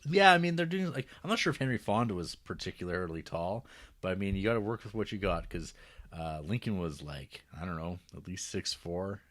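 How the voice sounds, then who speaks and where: A man's voice: low-pitched, animated, fairly quick, a bit bright. Laughing, jokey man reviewing a film. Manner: jokey, laughs often, breaks into goofy impressions. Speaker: podcast co-host. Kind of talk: casual film review chat.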